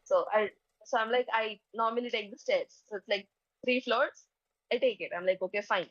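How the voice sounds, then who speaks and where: A woman's voice: on the high side, normal speed, no echo, highs cut off. A young woman, telling a story in casual chat and filling her speech with "like" and "okay". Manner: chatty, peppers speech with "like" and "okay", acts out dialogue.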